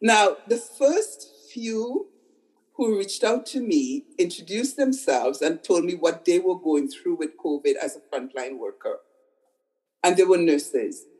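A woman's voice: fairly low pitch, lively intonation, measured pace, a little mellow, low-quality recording. An older woman, a psychotherapist, talking conversationally and repeating words for emphasis. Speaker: psychotherapist guest. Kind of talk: conversational storytelling.

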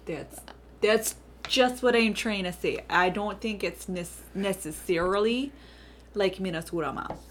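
A woman's voice: mid-range voice, a little slow, slight background noise. A woman co-hosting a casual podcast, playful and jokey, swearing now and then. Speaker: podcast co-host. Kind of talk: casual chat.

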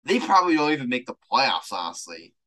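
A man's voice: medium pitch, very animated, fast, sharp tone. A man hosting a sports podcast, arguing his points eagerly with many fillers. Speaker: podcast host. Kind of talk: casual sports podcast chat.

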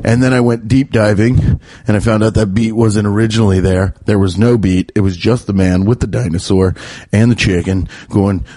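A man hosting a comedy podcast in a rambling, profane, jokey way, his pitch jumping up when he gets worked up, recorded while pacing in his bedroom. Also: fairly even intonation, normal speed, warm tone, no room sound. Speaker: podcast host. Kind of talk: casual comedic monologue. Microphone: podcast mic while pacing.

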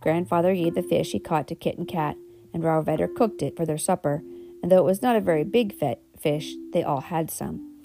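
A woman reads an old children's storybook aloud in a homely way, stopping for asides and correcting her slips. Her voice is low and gravelly with a mellow tone, and soft guitar plays faintly underneath. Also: fairly quick. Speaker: reader.

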